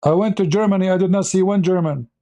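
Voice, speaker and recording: Male show host, blunt and mocking, talks in broken English; somewhat high but dark-toned voice. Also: quick pace. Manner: sarcastic, blunt, broken grammar. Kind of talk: mocking live commentary.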